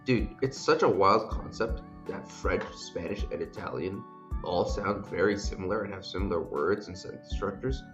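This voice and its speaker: A man co-hosting a casual podcast, teasing and animated in his banter. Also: sits low, moderate pace, highs cut off, over music. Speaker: podcast co-host. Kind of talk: casual chat.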